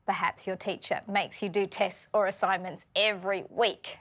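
A woman with an Australian accent teaching a scripted vocabulary lesson, speaking clearly and patiently and putting questions to learners. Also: mid-range voice, fairly even intonation, normal speed.

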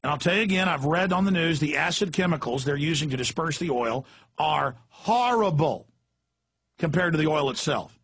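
A man's voice: on the high side, expressive, moderate pace, fairly bright tone, husky, no room sound. A middle-aged Texan man hosting talk radio with a Texan accent, ranting in a heated, emphatic way. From Texas. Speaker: radio host.

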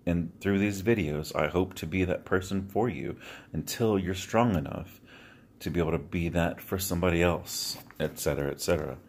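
A man speaking straight to his viewers in an earnest, heartfelt vlog monologue, often pausing with sighs and repeating words as he searches for them. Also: low-pitched, a little hiss or hum. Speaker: motivational video creator.

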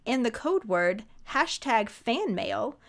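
A woman's voice: fairly high pitch, very animated, takes it slowly, vocal fry. A woman co-hosting a podcast in casual chat, gushing and enthusiastic about the books she loves. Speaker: podcast co-host.

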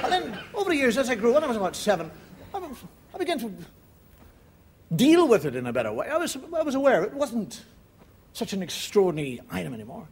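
A man's voice: sits high, big pitch swings, fast. A man with an Irish accent doing a stand-up monologue on television, acting out the voices of the people in his story. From Ireland. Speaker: stand-up comedian. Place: television studio with live audience. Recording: audience laughter and noise behind. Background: audience laughter.

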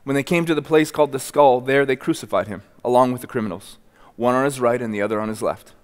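A man's voice: medium pitch, quick pace, long reverb tail. A man preaching a sermon in a church, reading scripture and then speaking earnestly, often repeating and restarting words. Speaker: pastor. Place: church sanctuary.

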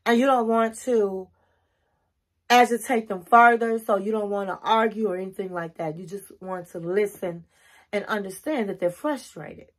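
A woman's voice: medium pitch, fairly even intonation, moderate pace. A middle-aged woman giving relationship advice to camera in an earnest, coaching way, working through a numbered list of tips. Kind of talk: casual advice talk to camera.

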